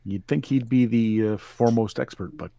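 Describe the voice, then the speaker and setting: A man's voice: medium pitch, moderate pace, creaky, dark tone. A man co-hosting a podcast, chatting casually and often restarting his sentences. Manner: hesitant, full of restarts. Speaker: podcast co-host. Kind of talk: casual chat.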